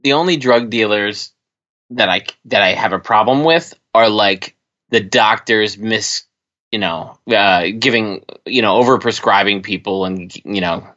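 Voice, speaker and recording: Male co-host, lowish voice with a forceful edge, lo-fi sound, opinionated and casual. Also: unhurried. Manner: casual, opinionated, hesitant restarts. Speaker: podcast co-host. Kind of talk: casual chat.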